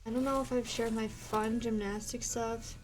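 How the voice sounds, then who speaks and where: A woman's voice: fairly high pitch, flat delivery, normal speed, faint music behind. A woman in her twenties, a game streamer chatting casually with her live viewers in a rambling way, full of "like" fillers.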